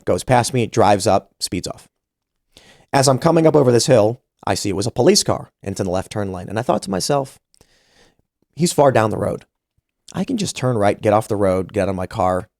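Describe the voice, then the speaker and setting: A man's voice: on the low side, gravelly, darkish tone, no room sound, studio quality. A man in his thirties hosting a podcast, telling a story casually and animatedly, acting out the voices he quotes. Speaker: podcast host.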